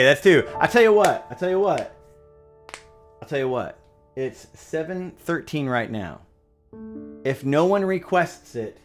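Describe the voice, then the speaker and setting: A man hosting a livestream, talking casually between piano songs and laughing often. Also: mid-range voice. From United States. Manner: upbeat, chatty, laughs often. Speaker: livestream host and pianist. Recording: piano music under the voice. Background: piano music.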